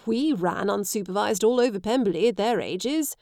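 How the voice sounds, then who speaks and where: A woman voicing a light, teasing gentleman in an audiobook. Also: mid-range voice, lively intonation, normal speed, no room sound, studio quality, natural voice. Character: teasing easygoing gentleman officer.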